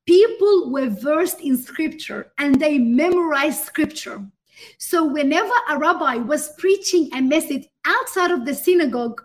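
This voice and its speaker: A woman with a high voice gives an interview answer in the manner of a sermon. She is fervent and emphatic, and she turns again and again to the host as she speaks. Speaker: guest minister and author.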